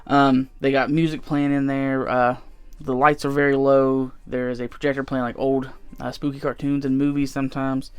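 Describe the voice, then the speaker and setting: A man's voice: medium pitch, flat delivery, moderate pace, smooth, no room sound. A man casually chatting through his convention haul in a rambling way, with lots of fillers. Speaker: vlogger showing convention haul. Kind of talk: casual chat.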